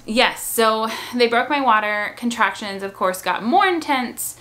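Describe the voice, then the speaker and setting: A woman's voice: fairly high pitch, lively intonation, unhurried, sharp tone. A young woman casually telling the story of a long, hard labor, chatty and frank, with many fillers and restarts. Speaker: mother telling her birth story.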